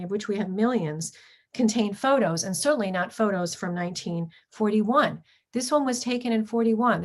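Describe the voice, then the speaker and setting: A middle-aged woman, a history professor, giving a lecture with slides, pausing often on ums and restarting her sentences. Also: medium pitch. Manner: halting, frequent ums and restarts.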